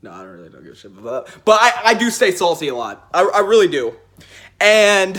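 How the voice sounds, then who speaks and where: Young man, casual storytelling vlog, stammering restarts, self-mocking, lively swooping voice. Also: sits high, fairly quick. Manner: animated, swings from loud to hushed asides. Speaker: vlogger telling a Magic card game story.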